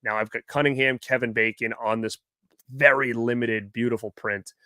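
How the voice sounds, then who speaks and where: Man, live stream host, rambling casual storytelling, bright tone, dry close sound. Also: mid-range voice, steady tone, moderate pace, no room sound. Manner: rambling, chatty, quotes people in his stories. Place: home movie room.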